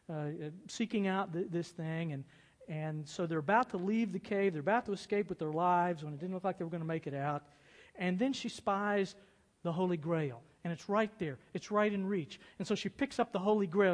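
A man preaching a sermon with a fairly high voice, swinging between hushed asides and loud dramatic build-ups. His voice carries a long reverb, as if he were in a large hall.

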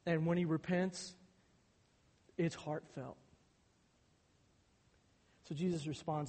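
A man's voice: a little high, steady tone, slow pace, long pauses, warm tone. A male pastor preaching a sermon, his delivery turning emphatic and intense on key points. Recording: hall reverb.

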